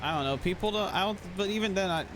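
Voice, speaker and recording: A man's voice: sits high, very fast, noisy background. A man streaming a roleplay game, chatting casually in character and to viewers, swearing often and laughing through his lines.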